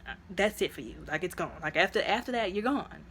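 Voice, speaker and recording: A woman with a lowish voice rambles her way through a movie recap, piling up "like" and "you know" as she goes. Her retelling is chatty and animated, and her voice suddenly leaps into high exclaiming tones. The faint noise behind her is barely noticeable. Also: brisk. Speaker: movie reviewer.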